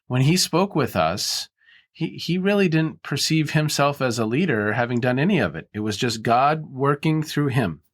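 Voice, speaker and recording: A man's voice: medium pitch, animated, moderate pace. Thoughtful male podcast host. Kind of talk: interview conversation.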